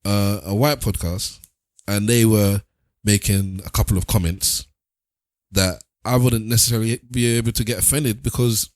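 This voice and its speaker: Male podcast host with a lisp, halting and casual, dry close sound. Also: fairly low pitch, steady tone, no echo. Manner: rambling, halting.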